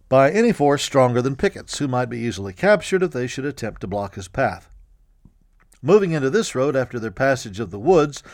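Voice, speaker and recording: A man reading a history audiobook in a measured, even storytelling manner. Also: medium pitch, dry recording, clean studio sound. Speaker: narrator. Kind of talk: scripted audiobook narration.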